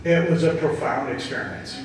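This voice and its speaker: A man giving an earnest inspirational talk to a gathered group, telling stories slowly and with emphasis. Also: mid-range voice, slight background noise. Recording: echoey hall, distant mic.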